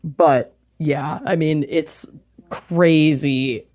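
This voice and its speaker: A woman's voice: low voice, fairly even intonation, extremely slow, darkish tone. A woman co-hosting a podcast who promotes events and banters playfully in casual chat. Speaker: podcast co-host.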